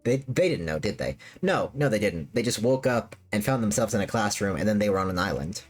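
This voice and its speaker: Rambling woman streamer with lively pitch. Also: brisk. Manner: rambling, repeats words, many fillers. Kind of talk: casual chat with live chat. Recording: faint music behind.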